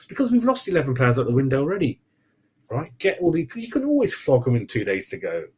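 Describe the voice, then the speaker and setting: Chatty football fan rambling. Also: male voice, mid-range voice, huge pitch swings, fast, a little mellow, slightly rough. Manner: rambling and chatty, calls people "mate", forgets names. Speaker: football fan channel host. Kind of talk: casual live-stream chat with viewers.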